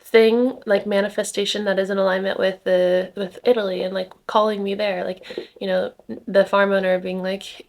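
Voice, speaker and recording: Indoors at a rented home, a young spiritual content creator records casual vlog talk in a medium-pitched, flat voice with vocal fry and a moderate pace. Just awake, she sounds a bit congested, and she rambles along with plenty of fillers and small laughs.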